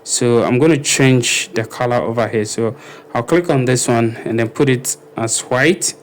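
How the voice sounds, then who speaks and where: A man talking casually through a screen-recorded web design tutorial, thinking aloud and filling pauses with ums and okays. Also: mid-range voice, slight background noise.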